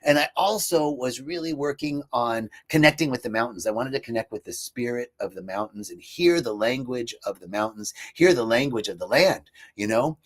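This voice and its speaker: A man's voice: medium pitch, moderate pace, few pauses. A man hosting a live stream, telling a personal story in an earnest, reflective way and often correcting himself as he goes.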